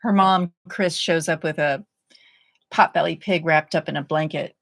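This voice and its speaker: A woman's voice: deep voice, steady tone, moderate pace, creaky, a bit bright, dry recording. Woman quipping, dry close sound. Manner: wry quips and playful jabs. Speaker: podcast co-host. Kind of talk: casual comedic chat.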